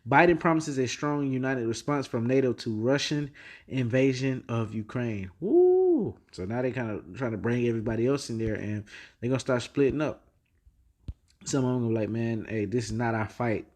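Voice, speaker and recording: A religious video host with a mid-range voice talks briskly through the news in a loose, rambling commentary full of slang and fillers. He often stops to restart sentences, and now and then he reads headlines and scripture aloud.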